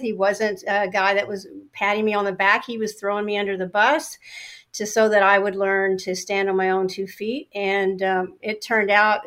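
A middle-aged woman shares a story from her working life as an interview guest. She tells it with energy and acts out her own past replies, at an ordinary mid-range pitch. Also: fairly bright tone.

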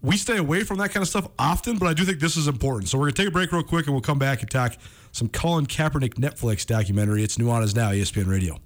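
A man hosting a sports radio show, talking in a casual, energetic way and saying "man" often. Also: medium pitch, rapid-fire.

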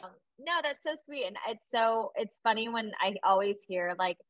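A woman co-hosting a podcast, chatting casually, quick to agree and lightly exasperated. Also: medium pitch, sharp tone, no echo, rough recording. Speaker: podcast co-host. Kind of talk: casual chat.

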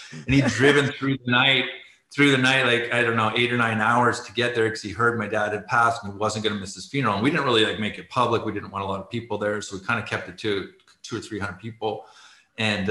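A man's voice: medium pitch, sharp tone, reverberant, rough recording. A middle-aged man, a former ice hockey player, telling stories as a guest in a casual video-call interview, rambling, full of "like" and laughing as he goes, tearful at moments. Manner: rambling, says "like" often, laughs while telling.

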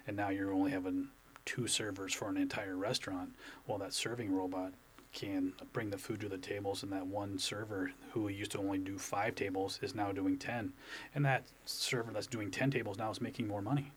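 A man guesting on a business podcast, explaining his points in a measured, casual way. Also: on the low side, fairly even intonation, slight background noise.

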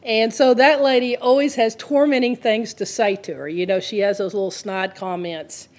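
A woman's voice: a little high, steady tone, normal speed, a little mellow. A woman, telling a story in an earnest, conversational sermon. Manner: earnest, retells the story with quoted dialogue. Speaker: Christian teacher.

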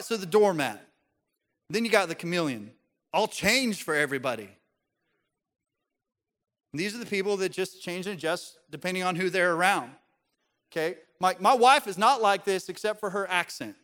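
High-voiced animated male pastor preaching. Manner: animated, joking, puts on voices for examples. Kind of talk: sermon. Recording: long hall reverb.

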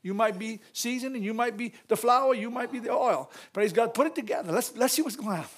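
High-voiced, animated church speaker. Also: male voice, quick pace. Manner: animated, laughs often, repeats phrases. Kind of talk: lively church message with storytelling.

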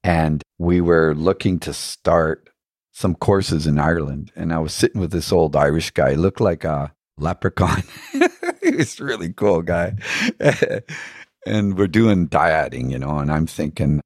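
Guest spot: deep-voiced, husky man, reflective spiritual storyteller, earnest with rhetorical questions. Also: lively intonation, a little slow, a little mellow, no room sound, clean studio sound. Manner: laughs now and then while telling stories. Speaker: podcast guest.

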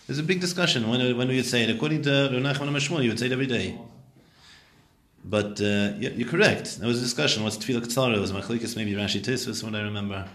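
A man's voice: mid-range voice, fast, fairly bright tone, roomy sound. A man teaching a Talmud class, translating Hebrew and Aramaic phrases and questioning his students.

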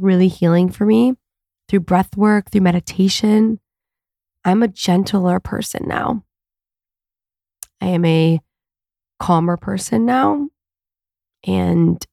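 Recording from home, a podcast host and coach talks alone on her casual show, earnest and confessional, rambling with plenty of fillers. Her medium-pitched voice is gravelly and slightly mellow, captured dry with clean studio sound.

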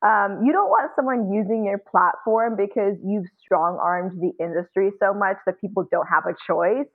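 A woman's voice: mid-range voice, normal speed. A woman musician talks through her views in a candid, thinking-aloud way. Her voice comes over a tinny, phone-like line from a remote call. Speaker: musician and guest. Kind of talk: interview conversation.

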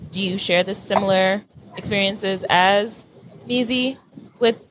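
A woman's voice: mid-range voice, a little slow, a bit bright, slight background noise. A woman hosting a casual chat show, candid and chatty, telling personal stories and posing questions to the group. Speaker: podcast host.

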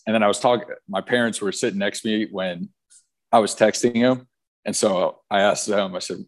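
A young man in his twenties, a professional soccer player, tells his story in a casual interview. His voice is on the low side and his pace is moderate, and he speaks in a relaxed way, full of fillers and repeated words.

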